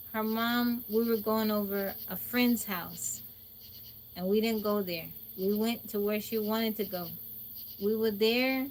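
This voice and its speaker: A woman's voice: a little high, a little hiss or hum. Chatty woman streaming outdoors at night. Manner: chatty, animated, laughs while telling a story. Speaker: livestream host. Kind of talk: casual storytelling to a live chat. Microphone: phone. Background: crickets and insects.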